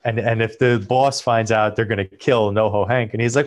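A man's voice: mid-range voice, normal speed, a little hiss or hum. A man co-hosting a podcast, talking enthusiastically in a casual, rambling way. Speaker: podcast co-host. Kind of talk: casual chat.

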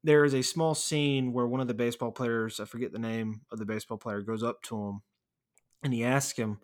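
A man's voice: medium pitch, fairly even intonation, brisk. A man co-hosting a casual film podcast, talking enthusiastically and animatedly about a movie scene. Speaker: podcast co-host.

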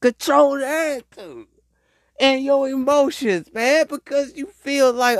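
Animated man ranting dating advice. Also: very high voice, moderate pace, dry recording, clean studio sound. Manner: animated, repetitive, rambling, mocking. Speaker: relationship advice vlogger. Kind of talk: casual advice monologue.

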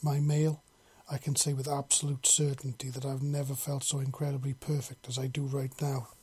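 A man's voice: medium pitch, completely flat delivery, fairly quick, slightly rough, lightly acted. A man voicing a tender alien huntress. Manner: soft purring tone.

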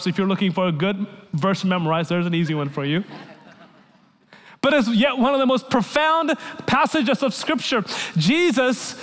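A male pastor preaching an earnest sermon, telling stories and dropping to a soft, hushed voice when he quotes people. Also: high-pitched. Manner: earnest storytelling preacher, drops to soft near-whispers for quotes. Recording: long hall reverb.

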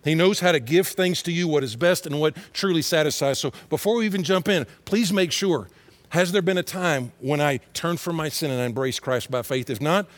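Middle-aged pastor, a bit higher voice, dry close sound, casual and lively delivery with acted asides. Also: male voice, fairly quick, no room sound. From Texas. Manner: conversational and animated, jumps into quoted voices. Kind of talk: sermon.

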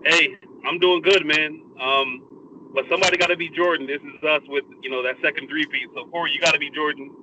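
A man's voice: fairly high pitch, steady tone, fairly quick, bright, forceful tone. A man co-hosting a podcast in easygoing, joking chat. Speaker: podcast co-host. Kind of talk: casual chat. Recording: distant mic with vehicle noise.

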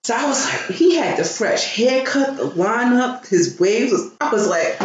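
A woman's voice: on the high side, expressive, moderate pace. A woman telling a story in casual chat, blunt and profane, acting out the people she quotes. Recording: roomy with faint noise.

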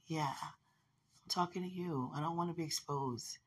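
Low, husky woman speaking tenderly. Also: measured pace. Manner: tender, rambling, with frequent "you know" and soft laughs. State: a little hoarse. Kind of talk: intimate spoken message to a loved one.

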